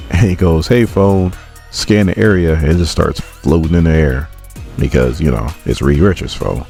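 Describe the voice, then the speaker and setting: Deep-voiced man casually recapping a comic. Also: darkish tone. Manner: laid-back retelling that acts out each character's lines. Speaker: comic book reviewer.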